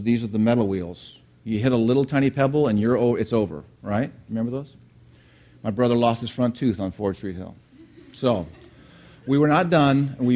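A middle-aged man preaching a sermon, telling a lively childhood story and asking the congregation questions along the way. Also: mid-range voice. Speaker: pastor.

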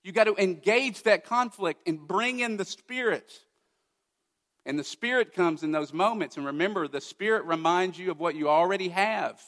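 A man with a high, slightly bright voice speaks at normal speed as he preaches to his congregation. The setting is a church sanctuary with the spaciousness of a large hall, and his tone is earnest and chatty, with personal asides along the way.

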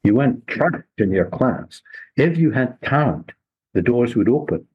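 Husky older historian. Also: male voice, medium pitch, very animated, dull audio. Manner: measured, unhurried storytelling with small restarts. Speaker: local historian and author, interview guest. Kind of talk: relaxed storytelling interview.

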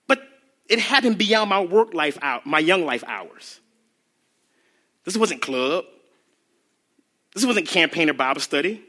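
A man preaching a sermon as a youth ministry speaker, animated and playful, acting out scenes and laughing as he talks. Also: fairly high pitch, measured pace, pauses often. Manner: animated, acts out bits, laughs.

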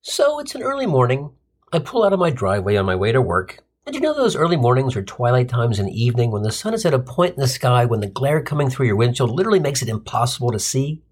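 Male comic host, sardonic storyteller, husky tone with a lively swinging pitch. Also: quick pace. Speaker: comedy podcast host.

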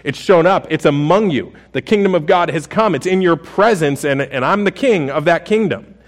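A man's voice: fairly high pitch, expressive, normal speed. Conversational, joking male pastor. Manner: conversational and humorous, with many restarts. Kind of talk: sermon.

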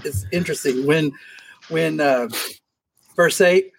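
A man teaching a casual Bible study discussion, animated and acting out scenes from the text. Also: a little high, takes it slowly, gravelly, a little hiss or hum. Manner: animated, acts out scripture scenes in voices. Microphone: camera mic.

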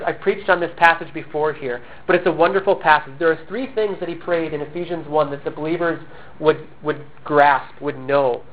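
A man preaching a sermon, earnest and emphatic, with self-deprecating humorous asides, still recovering from a cough. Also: a little high. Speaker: pastor. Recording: tinny phone-like sound.

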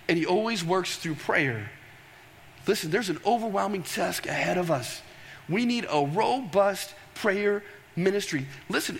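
A high-voiced man preaching with animated storytelling, often pausing to throw questions to the congregation. His voice carries a long reverberant tail from a large church hall. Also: vocal fry. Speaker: pastor. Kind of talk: sermon.

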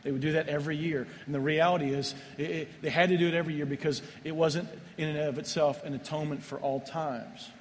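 A man's voice: a little high, level tone, fast, few pauses, slight background noise. A man preaching a sermon as pastor, earnest and repetitive, with frequent restarts. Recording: long reverb of a large hall, faint ambience.

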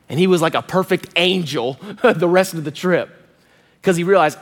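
A man in his thirties, a pastor preaching a sermon and telling a personal story in an animated way, with quick asides to his congregation. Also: fairly high pitch. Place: large church hall. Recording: long hall reverb.

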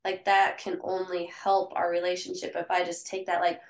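A woman co-hosting a podcast in casual chat, telling candid, lively stories. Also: on the low side, fairly quick. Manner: candid, animated storytelling. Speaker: podcast co-host. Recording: echoey room.

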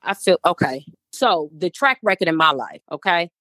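A woman's voice: on the low side, expressive, moderate pace, fairly bright tone, no echo, studio quality. A woman in her thirties, a life coach guest, speaking earnestly in a preacherly way and repeating phrases for emphasis. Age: 30s. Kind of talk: casual interview talk.

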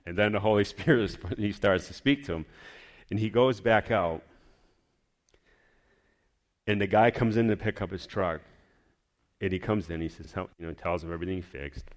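Deep-voiced man sharing a church testimony. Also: moderate pace, pauses often. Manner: rambling, heartfelt storytelling. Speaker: church member giving a testimony.

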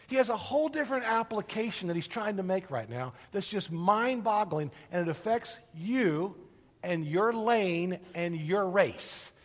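A man preaching a sermon, retelling a parable with animated storytelling that swings from loud to hushed, in a church hall. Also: high-pitched. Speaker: pastor. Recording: long reverb of a large hall.

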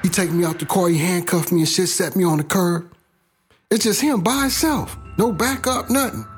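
A man's voice: high-pitched, normal speed, soft background music. A middle-aged man from South Los Angeles telling his own life story in a blunt, profane, casual way.

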